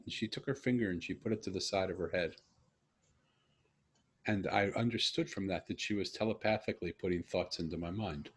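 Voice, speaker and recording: A man with a very low, husky voice tells a long personal story to a guest. He speaks earnestly and reflectively, pausing and restarting as he searches for the right words. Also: a bit bright. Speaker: host. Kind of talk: conversational storytelling.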